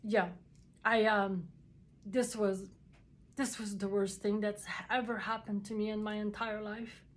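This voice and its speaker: A woman telling a personal story in a casual, halting way, with many fillers and restarts. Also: mid-range voice, level tone.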